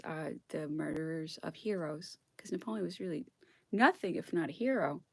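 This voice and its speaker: Reading history aloud in a solo vlog, a woman with a low voice, vocal fry and a slightly rough edge speaks at a moderate pace, emotional enough to near tears and sometimes whispering. The recording is dry.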